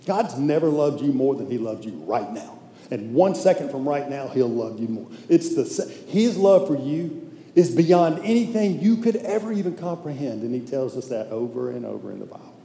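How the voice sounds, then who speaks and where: A man preaching a sermon in a conversational, emphatic way that sometimes drops to a hushed intensity. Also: medium pitch, lively intonation, moderate pace. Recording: echoey hall with faint noise.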